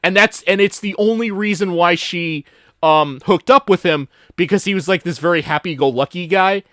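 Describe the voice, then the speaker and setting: A fairly high-voiced man chatting casually on a podcast, stumbling through his story with lots of "like" and "um" and the odd curse word. His voice sounds dry and close, with no room behind it. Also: moderate pace, a bit bright, no room sound. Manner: rambling retelling full of fillers and restarts; casual and profane. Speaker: podcast host. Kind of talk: casual chat.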